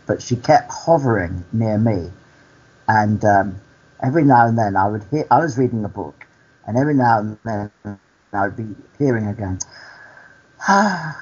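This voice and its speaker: A male actor and activist, a guest in a candid interview, speaking earnestly and telling stories at an unhurried pace. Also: lowish voice, a little mellow, husky, muffled recording.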